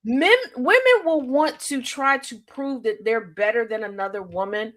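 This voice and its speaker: A woman hosts a casual talk show. She speaks in a slightly high voice, chatty and candid, and laughs often between her points. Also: moderate pace, a crowd in the background. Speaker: host. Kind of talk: casual chat.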